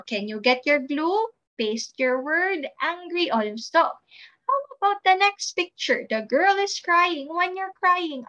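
A woman teaching a recorded preschool class, speaking slowly and clearly and spelling out letters for young children. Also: sits high, a bit bright, poor audio. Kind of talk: recorded online class instruction.

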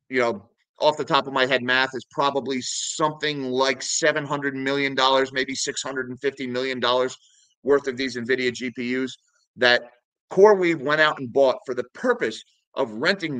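A man's voice: mid-range voice, steady tone, normal speed, bright, forceful tone, no room sound, poor audio. A man hosting a finance video, casually talking viewers through charts and news articles and calling them guys. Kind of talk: casual market commentary.

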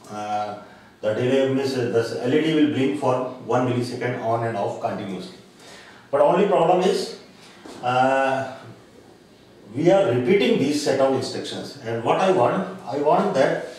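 Slow, deliberate male lecturer in an echoey room. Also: medium pitch, darkish tone. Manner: slow, deliberate explaining with frequent pauses and uh fillers. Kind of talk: recorded classroom lecture. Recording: very echoey room, voice from a distance, faint background noise.

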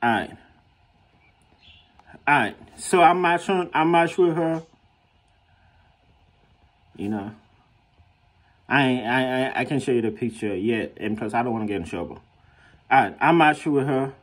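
A man vlogging in a casual storytelling way, animated and slangy, laughing often and acting out what others said in a raised voice. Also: mid-range voice, a little slow, pauses often. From Haiti.

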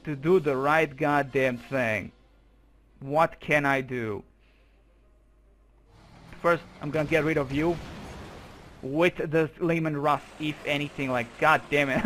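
Swearing, fairly high-voiced young man. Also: a little slow, pauses often, a bit bright. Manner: profane, exasperated running commentary with outbursts. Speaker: game commentator. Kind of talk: let's play commentary.

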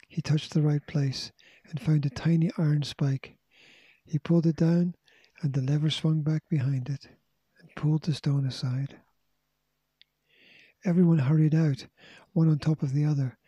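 Storybook narrator, man, steady and measured, dark breathy tone, slightly high. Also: dry recording. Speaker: audiobook reader.

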